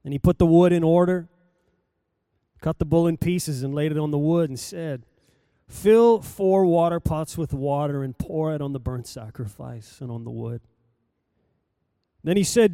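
A man reads a scripture passage from the pulpit with dramatic swells and hushes. His voice sits a little high but sounds mellow and smooth. The sound is close and dry. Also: dry recording. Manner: dramatic reading, voice rising and falling with the story. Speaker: pastor. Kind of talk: sermon scripture reading.

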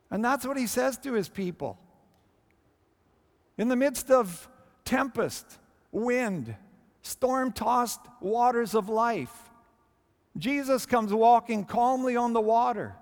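Male preacher, high voice, dramatic pauses, long reverb of a big hall. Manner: expressive preaching with dramatic pauses and quoted dialogue. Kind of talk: sermon.

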